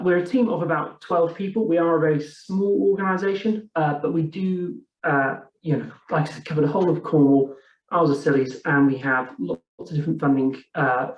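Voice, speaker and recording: Distant echoey man presenting grants. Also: fairly high pitch. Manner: friendly, halting with fillers. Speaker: grants officer. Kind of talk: presentation on a video call. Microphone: video call. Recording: dull distant echoey sound.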